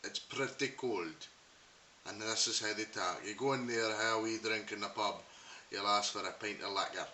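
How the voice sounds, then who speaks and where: A man's voice: fairly low pitch, steady tone, moderate pace, sharp tone. A Scottish man in a casual comedic monologue, wry and mocking, rambling with fillers. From Scotland. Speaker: vlogger. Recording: roomy, distant mic with hiss.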